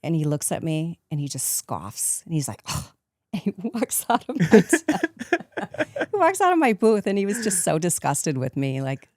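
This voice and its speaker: A woman in her fifties, a guest in a casual interview, telling stories in a lively way, acting out quotes and laughing often. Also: lowish voice, moderate pace, no room sound, studio quality. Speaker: guest, actress turned painter.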